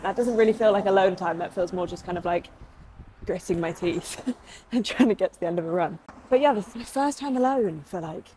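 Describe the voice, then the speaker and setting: Young woman, casual vlogger, mellow chatty delivery, recorded on a phone outdoors. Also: fairly low pitch, slight background noise. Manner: chatty, upbeat, many fillers. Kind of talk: casual vlog chat. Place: outdoors on a run and walk.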